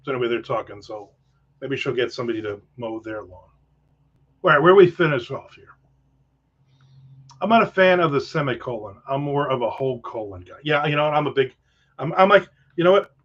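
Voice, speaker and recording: A man's voice: medium pitch, lively intonation, fairly quick, pauses often, fairly bright tone. A man hosting a casual livestream chat, rambling with profane jokes and asides. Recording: dull lo-fi sound.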